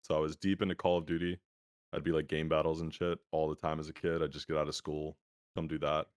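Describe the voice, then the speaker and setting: A young man chatting casually as an interview guest over a video call, relaxed and full of filler words, his audio a little choppy from a poor connection. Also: a bass voice, quick pace, clear, resonant tone, no echo, clean studio sound.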